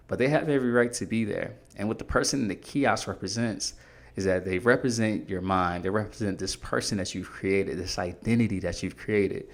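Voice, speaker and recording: A man's voice: on the low side, fairly quick. A man hosting a podcast, coaching listeners in an earnest, direct way. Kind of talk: motivational podcast talk.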